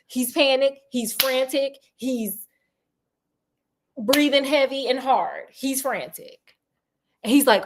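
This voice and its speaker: A woman's voice: sits high, slow pace, long pauses, slight background noise. A woman hosting a storytelling show, retelling a classic detective tale in a chatty, slangy, digressive way. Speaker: storytelling host.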